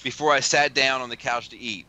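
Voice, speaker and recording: A man's voice: medium pitch, steady tone, brisk, bright, forceful tone. A man hosting a podcast, casually reading out text messages with a lot of cursing and laughing. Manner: profane, laughing often while reading. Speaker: podcast host.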